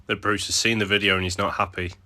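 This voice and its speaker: A man's voice: low-pitched, level tone, fast, bright, forceful tone. A man playfully questioning his pet dog in a mock-serious tone. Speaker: pet owner. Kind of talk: teasing chat with his dog.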